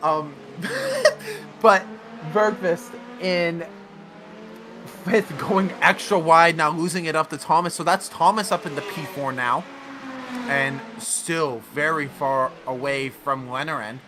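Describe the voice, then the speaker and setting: A man commentating a sim racing league event, excitable and often correcting himself mid-sentence. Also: on the high side, unhurried, noisy background. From United States. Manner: excitable, self-correcting, laughs along. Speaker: race commentator.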